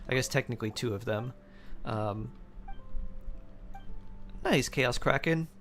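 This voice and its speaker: A man's voice: medium pitch, slow pace, a bit bright, soft background music. A man chatting casually on a game stream, reading chat aloud and humming and mumbling to himself in between.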